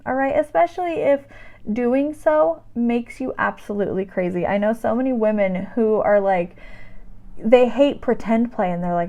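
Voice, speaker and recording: A woman's voice: a little high, a little mellow, lo-fi sound. A woman in her thirties talking straight to camera about motherhood and self-care, emphatic and direct, often checking in with "right?" and "okay?". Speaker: vlogger and mother giving self-care advice. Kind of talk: direct-to-camera advice talk.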